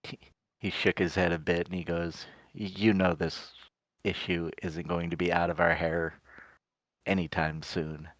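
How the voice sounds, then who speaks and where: A man's voice: low voice, little pitch movement, a bit bright, no room sound. A man playing a tabletop game, narrating his character's actions and then speaking his lines. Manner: unhurried, sets up each line with "he goes". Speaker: player voicing his character Gadri.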